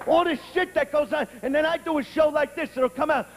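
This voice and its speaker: A high-voiced man doing a stand-up routine, crude and brash, who often breaks into shouts. His voice rings through a large hall with a long reverb. Clear background noise sits under it. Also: fairly quick. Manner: profane, brash, bursts into shouting. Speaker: stand-up comedian.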